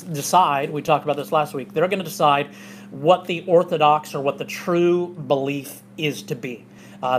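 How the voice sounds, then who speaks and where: A man's voice: a little high, a little hiss or hum. A male pastor preaching a casual, conversational sermon in a church, with many asides. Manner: conversational, chatty, with frequent fillers and asides. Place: church sanctuary.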